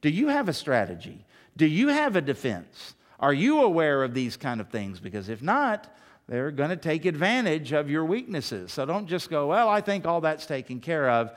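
A man's voice: on the high side, big pitch swings, moderate pace. A male pastor preaching a sermon, emphatic and full of rhetorical questions.

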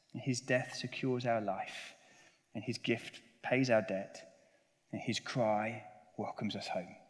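A man preaching a sermon as pastor, reading scripture earnestly and praying with his listeners. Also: fairly low pitch. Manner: earnest preaching, swelling on scripture and dropping soft at the close. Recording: long church reverb.

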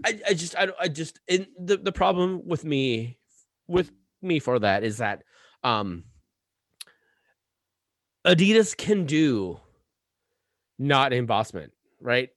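Male podcast co-host, profane rambling ranter, slightly high voice. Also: sing-song, slow pace, long pauses, fairly bright tone, no room sound, studio quality. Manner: rambling, profane, ranting with many restarts. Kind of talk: casual podcast chat.

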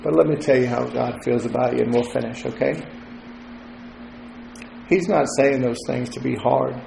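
A man's voice: mid-range voice, moderate pace, vocal fry, warm tone, slight background noise. A male pastor delivering a sermon in a loose, conversational way, joking at times and repeating words as he thinks. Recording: roomy echo.

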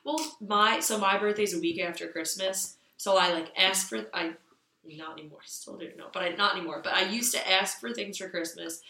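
A woman's voice: mid-range voice, moderate pace, pushed and bright, reverberant. A young woman in her twenties co-hosting a casual chat, telling rambling stories with lots of fillers. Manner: rambling storyteller, many fillers. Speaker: podcast co-host.

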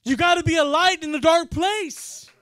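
A man preaching, telling a story in an animated way and acting out the people in it. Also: very high voice, moderate pace, dry recording. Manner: animated storyteller, acts out quoted voices. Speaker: pastor. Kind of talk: sermon storytelling.

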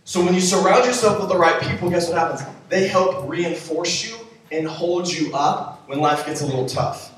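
A man's voice: high voice, steady tone, normal speed, hardly any pauses, slight background noise. Young male youth pastor, playful preaching, far from the mic in a big echoey hall. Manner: playful, joking asides to the audience. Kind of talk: youth sermon with live demonstration.

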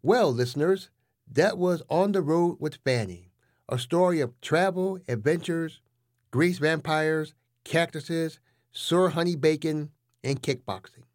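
A man hosting and narrating comic stories, delivering absurd lines in a deadpan, animated way. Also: fairly high pitch, measured pace. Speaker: host and narrator. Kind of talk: comic storytelling.

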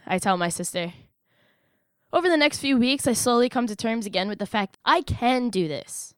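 A woman's voice: on the high side, animated, moderate pace, clear, resonant tone, dry recording, clean studio sound. A young American woman reading a first-person personal essay aloud, wry and emphatic, with sudden rises in her voice. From United States. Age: young adult. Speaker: narrator.

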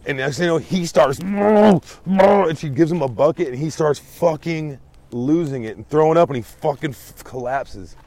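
A man casually telling a story to friends in an animated, profane, emphatic way. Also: on the high side, moderate pace, no echo. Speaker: storyteller in a group chat.

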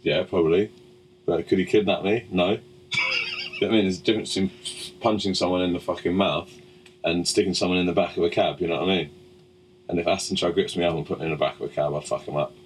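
A man's voice: deep voice, steady tone, quick pace, slight background noise, rough recording. A man hosting a podcast in casual chat, joking and swearing freely. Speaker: podcast host.

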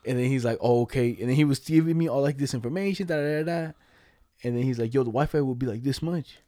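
A young man rattles off a rambling story at a fast clip, full of slang and cursing. His voice is dark and mellow, and the recording is dry and close. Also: mid-range voice, dry recording. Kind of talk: casual chat.

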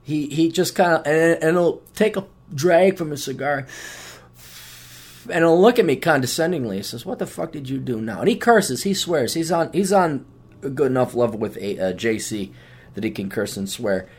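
A man's voice: fairly high pitch, animated, normal speed. A man hosts a podcast solo, rambling in a profane, self-mocking way. His voice moves up and down a lot as he talks. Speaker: podcast host. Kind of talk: casual solo monologue.

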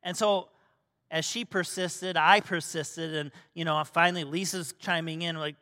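A middle-aged male pastor preaching a sermon, telling a family story and swinging from loud emphasis to soft, hushed tones. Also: high voice, moderate pace. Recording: long hall reverb.

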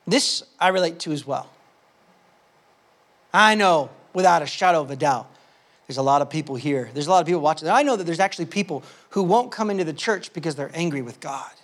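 A male pastor with a strikingly high voice delivers a sermon in a loose, conversational style full of fillers and restarts. His intonation is lively and his pace brisk as he swings passionately between soft, confiding asides and loud, fervent outbursts.

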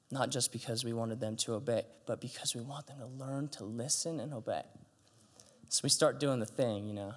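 A middle-aged male pastor telling stories in a sermon from a church stage, animated and acting out the dialogue. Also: fairly quick. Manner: animated, acts out dialogue with big pitch jumps. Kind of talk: sermon storytelling. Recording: long hall reverb.

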